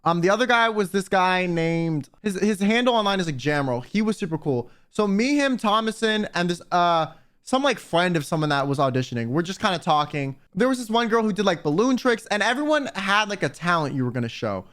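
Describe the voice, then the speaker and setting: A man's voice: sits high, a little fast, hardly any pauses, clean tone. A young American man telling a rambling story to his viewers, full of fillers and restarts. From United States. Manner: rambling, filler-heavy, animated quoting. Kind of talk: casual storytelling.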